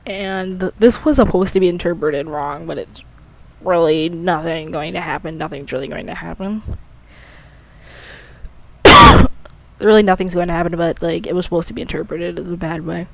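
Rambling creator with a gravelly fry. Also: medium pitch, normal speed, long pauses, fairly bright tone. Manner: rambling, often restarts and corrects itself. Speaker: creator of an audio drama series giving commentary. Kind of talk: casual rambling commentary.

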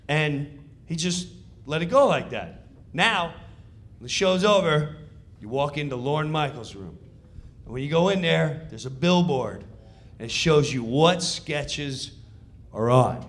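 Animated man telling a stand-up story. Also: a little high, unhurried, long pauses. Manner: animated and excitable. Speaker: comedian.

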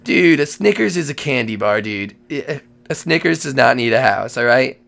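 A man's voice: medium pitch, expressive, normal speed, vocal fry, a bit bright. A man voicing a laid-back surfer-dude male dinosaur who has just thawed from ice, talking in drawling slacker slang for a Minecraft role-play comedy.

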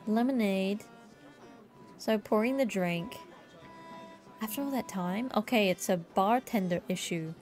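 A woman's voice: medium pitch, unhurried, long pauses, a little mellow, faint music behind. A woman streaming a game, chatting casually to herself in a playful, jokingly bossy way. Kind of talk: casual gameplay commentary.

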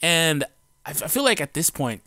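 A man's voice: a little high, big pitch swings, moderate pace, sharp tone, no room sound, clean studio sound. A grown man, a gaming YouTuber, ranting in casual, slangy talk full of profanity and fillers, blunt and defiant. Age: adult. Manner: loose rambling talk with many fillers. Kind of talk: casual unscripted rant to camera. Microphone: home recording mic.

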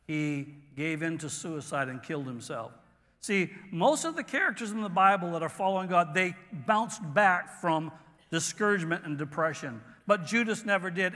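A man preaching a sermon as pastor, earnest, pausing and restarting as he talks. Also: sits high, bright, forceful tone, in a large hall. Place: church sanctuary.

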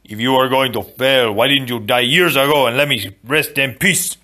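A man's voice: medium pitch, moderate pace, bright, forceful tone, close to an everyday voice. A man voicing the bitter ghost of a dead father in a storybook reading, stern and reproachful.

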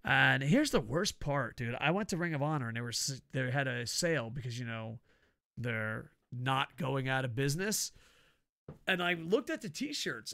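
A middle-aged man, talking casually about wrestling. He has a gravelly, bright, slightly high voice and tells rambling, profane stories. The sound is dry and close. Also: expressive, normal speed, dry recording. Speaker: podcast host. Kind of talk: casual wrestling review chat.

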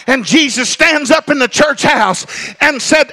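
Shouting pastor, high voice. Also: male voice, expressive, a little slow. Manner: shouting, rhythmic preaching with sung phrases. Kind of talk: pentecostal sermon. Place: church sanctuary.

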